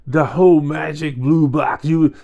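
A man's voice: fairly high pitch, fairly even intonation, a little slow, vocal fry, a little mellow, lo-fi sound. A man co-hosting a casual chat show, talking in a rambling way with many restarts and fillers. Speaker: podcast co-host.

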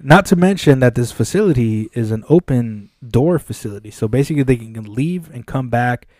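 Mellow-voiced man telling a story. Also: mid-range voice, moderate pace, no echo, studio quality. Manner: animated, swears often, acts out quoted dialogue. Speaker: podcast co-host. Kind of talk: casual storytelling chat. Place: podcast studio.

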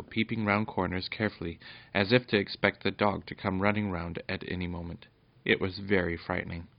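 A man's voice: deep voice, creaky, no echo, muffled recording. A man reading a children's storybook aloud, stumbling and correcting himself now and then. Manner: unpolished, with frequent stumbles and self-corrections.

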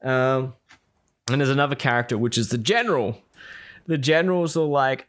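Animated casual man, acting out scenes. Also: mid-range voice, moderate pace, pauses often. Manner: animated, acts out characters' lines, swears freely. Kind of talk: casual chat about a TV series.

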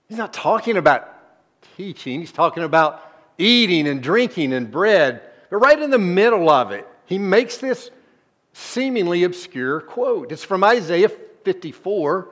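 A man preaching a sermon as a pastor. He swings between low, soft stretches and loud emphatic bursts, and keeps asking the congregation rhetorical questions. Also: sing-song, normal speed.

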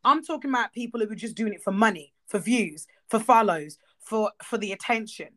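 Blunt, animated woman chatting casually. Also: medium pitch, a little fast. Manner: emphatic, blunt, swears freely; animated, acts out quoted voices. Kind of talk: casual chat.

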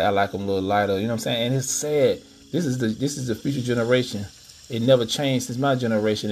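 A middle-aged man hosting a podcast, talking casually and preachily, often asking "you know what I'm saying". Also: on the low side. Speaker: podcast host. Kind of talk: casual monologue.

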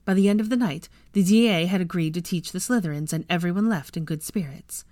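A woman reading fan fiction aloud with an expressive reading voice. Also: on the low side, brisk, few pauses, no echo, clean studio sound.

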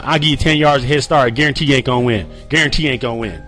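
A man in a loose sports chat who talks fast and throws himself into his stories. He acts out the people in them, with faint music playing under his voice. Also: medium pitch. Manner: animated storyteller, acts out quotes.

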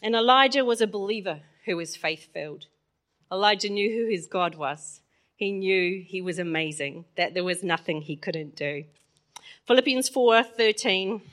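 A woman's voice: fairly low pitch, a bit bright. A woman retelling a Bible story in a chatty, playful way, often asking her listeners questions. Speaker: Bible lesson teacher.

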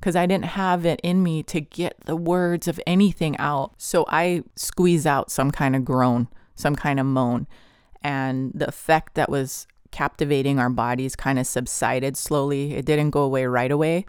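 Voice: mid-range voice, smooth, dry recording, clean studio sound. A podcast host telling an earnest, vivid personal testimony, often filling with "like". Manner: earnest, vivid, with frequent "like" fillers.

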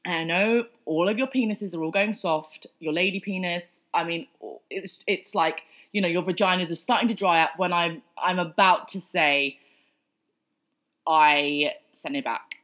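A woman's voice: lowish voice, normal speed. Blunt woman in her thirties. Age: 30s. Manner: blunt, profane, animated. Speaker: storyteller. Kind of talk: candid casual storytelling.

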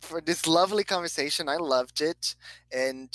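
A woman's voice: sits low, fairly bright tone, dry recording, low-quality recording. Upbeat woman hosting a chat. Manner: upbeat, encouraging, many quick yeses. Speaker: host. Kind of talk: casual podcast chat. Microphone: video call.

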